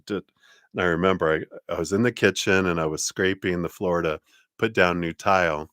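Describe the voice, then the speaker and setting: A man with a very deep voice does a live tarot reading, talking in a loose, chatty manner with lots of laughter and fillers. The sound is close, dry and a little bright, with no echo.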